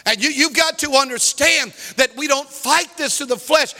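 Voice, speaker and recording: High, bright preacher in a reverberant church. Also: male voice, moderate pace, few pauses. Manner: preaching with loud outbursts and storytelling asides. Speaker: pastor. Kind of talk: sermon.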